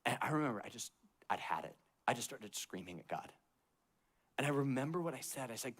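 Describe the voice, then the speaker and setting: A young man preaching to a church youth group, telling his story in a casual, conversational way full of "like" fillers and moving between loud and hushed delivery. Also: mid-range voice, lively intonation, brisk. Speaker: youth pastor.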